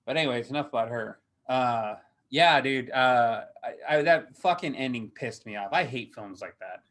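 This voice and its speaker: A man hosting a casual film review chat, swearing a lot and ranting with mocking, animated energy. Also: mid-range voice. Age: adult with a young daughter. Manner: profane, animated, mocking, quick reversals. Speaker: podcast host.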